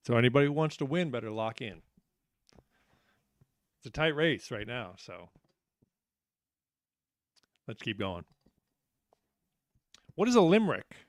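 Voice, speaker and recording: A man's voice: medium pitch, fairly bright tone, dry recording, clean studio sound. A man hosting a live trivia night, upbeat and joking, reading out questions and answers and teasing the players. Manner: upbeat, joking, self-deprecating.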